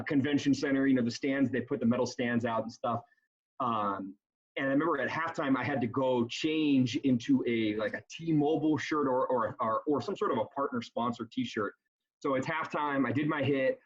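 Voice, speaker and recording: A man who works as a basketball emcee, telling an embarrassing story in an animated, rambling way, often restarting his sentences. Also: medium pitch, breathy edge. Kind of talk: casual storytelling on a panel. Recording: dull lo-fi sound.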